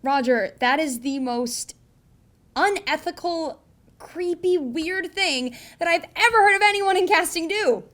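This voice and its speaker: A woman's voice: very high voice, expressive, unhurried, a bit bright, full character voice. A woman playing an anxious, pleading casting director who runs auditions over a video call in a comedy sketch. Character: desperate, high-strung female casting director.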